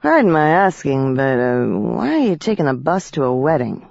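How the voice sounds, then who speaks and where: A woman's voice: low-pitched, big pitch swings, moderate pace, a little mellow, no echo. A polite, hesitant male bus driver, read by a woman narrator in an audiobook, with a courteous, faltering manner. The sound is dry and a little dull.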